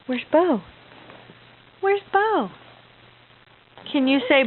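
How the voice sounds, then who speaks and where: A woman's voice: high voice, animated, takes it slowly, pauses often, narrow, tinny audio. A mother filming her toddler at home, coaxing her in sing-song baby talk. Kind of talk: home video.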